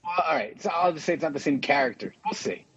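A man's voice: fairly high pitch, lively intonation, fast, crowd noise. A man co-hosting a podcast, chatting casually and stumbling over his words. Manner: chatty, stumbling restarts, laughs often. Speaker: podcast co-host. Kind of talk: casual chat. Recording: dull lo-fi sound.

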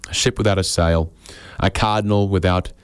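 Man, comedian, deadpan delivery, lowish voice, dry close sound. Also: normal speed, smooth, no echo. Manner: deadpan, rambling, self-deprecating. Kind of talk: stand-up comedy monologue on radio.

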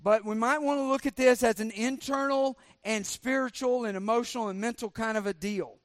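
A man's voice: extremely high pitch, fairly even intonation, brisk, no echo, clean studio sound. A middle-aged man, a pastor preaching a sermon, joking and sarcastic while he quizzes the congregation with questions.

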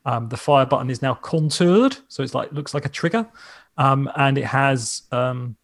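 A mid-pitched English man chatting casually as a podcast co-host. He rambles and restarts his sentences often, talking things through out loud. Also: normal speed. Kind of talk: casual chat.

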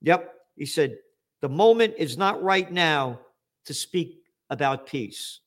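A man in an angry, profane political rant. His voice sits a little high for a man and his delivery is slow and drawn out, building to sarcastic jabs and sudden shouted outbursts. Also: lively intonation. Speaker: commentator.

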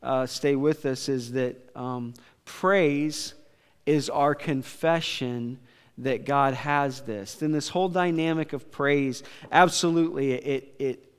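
A man preaching a sermon as pastor, in a relaxed, halting delivery full of fillers and restarts. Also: mid-range voice, clean tone. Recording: long hall reverb.

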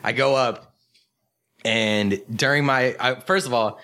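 Bright-toned man, self-mocking storyteller. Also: mid-range voice. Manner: self-deprecating, quick storytelling with fillers. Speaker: stand-up comedian. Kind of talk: casual podcast chat.

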